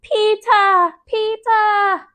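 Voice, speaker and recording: A woman doing a babyish toddler boy, squealing high. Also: lively intonation, a bit bright, full character voice. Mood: gleeful. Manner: babyish, sing-song, drawn-out lisping words.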